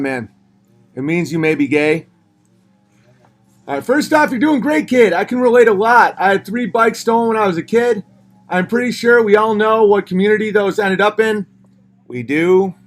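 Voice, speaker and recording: A man in his thirties hosts a casual livestream, reading viewer messages out loud and replying sardonically. He alternates between mocking voices and low mutters.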